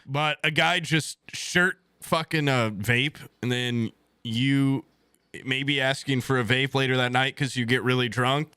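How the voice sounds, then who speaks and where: A young man chats on his stream, tired and low on energy but quick to grow exasperated, with lots of swearing as he tells a story. His voice is bright and smooth. The sound is dry and close. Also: steady tone, dry recording. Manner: profane, exasperated, mimics others in a high voice. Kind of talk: casual storytelling.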